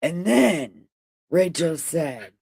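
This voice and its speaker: Brief: a woman reading scripture at a slow pace with irreverent, swearing commentary. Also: low voice, big pitch swings, gravelly, darkish tone, breathy edge, no echo. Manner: irreverent, profane asides. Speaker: Bible reading vlogger. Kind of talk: casual Bible reading with commentary.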